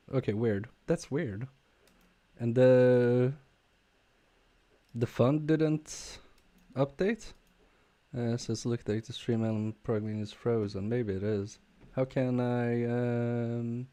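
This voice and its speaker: A man casually chatting with viewers on a live stream while repairing a game controller, talking haltingly with fillers and restarts. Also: mid-range voice, mellow. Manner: halting, many fillers and restarts, chuckling asides. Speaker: repair livestreamer.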